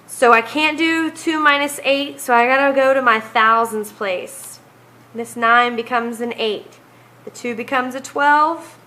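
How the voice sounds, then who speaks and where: A woman's voice: sits high, measured pace, pushed and bright, poor audio. A woman teacher walking through math homework problems, counting aloud step by step.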